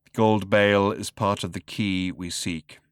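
A man voicing an ancient male robot with a cultured rasp, speaking slowly and flatly. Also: on the low side, dry recording, clean studio sound, lightly acted. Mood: cold. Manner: slow, flat, patient.

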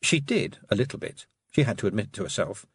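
Man reading a story aloud, very lively up and down, husky voice, dry close sound. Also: fairly low pitch, brisk, no room sound. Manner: expressive storytelling. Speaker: audiobook narrator. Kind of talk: scripted narration.

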